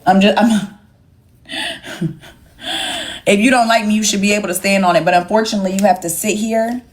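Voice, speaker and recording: A woman's voice: medium pitch, fairly even intonation, moderate pace. A young woman hosting a phone livestream, talking bluntly and with plenty of swearing straight to her chat. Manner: blunt, profane, sassy, talks straight to chat. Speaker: livestream host. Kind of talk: casual livestream rant to viewers.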